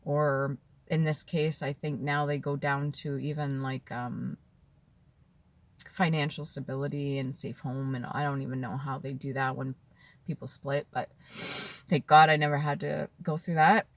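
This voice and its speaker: A woman in her thirties telling an emotional personal story to the camera, tearful and heartfelt, dropping at times to a soft whisper. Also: rumbling low, flat delivery, a little slow. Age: 30s. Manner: tearful and heartfelt, drifting between soft whispers and earnest talk. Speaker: vlogger.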